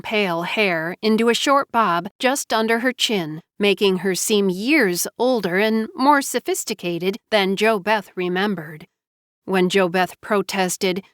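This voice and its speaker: A woman narrating a novel with even, unhurried storytelling. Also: mid-range voice, no room sound, clean studio sound. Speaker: audiobook narrator. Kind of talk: scripted narration.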